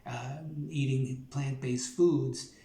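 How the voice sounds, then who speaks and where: Man in his 70s, Brooklyn accent, rambling storyteller, mellow voice, roomy echo. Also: mid-range voice, steady tone, takes it slowly. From Brooklyn, New York. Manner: rambling, folksy, with many fillers. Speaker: YouTube host. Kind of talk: personal storytelling.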